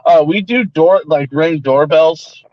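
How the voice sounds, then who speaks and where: A man chats as a guest on a panel, halting often and filling his sentences with "like" and "uh." His voice is dry and close, with a dull, lo-fi video call sound. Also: on the high side, dry recording. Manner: hesitant, fills with "like" and "uh". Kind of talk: casual panel chat.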